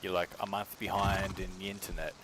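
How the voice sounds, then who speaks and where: Deep-voiced and fairly quick, with little pitch movement, an Australian man rambles and swears during a casual stream chat while cooking in his home kitchen. His talk is slangy and profane, and the home stream audio is noisy.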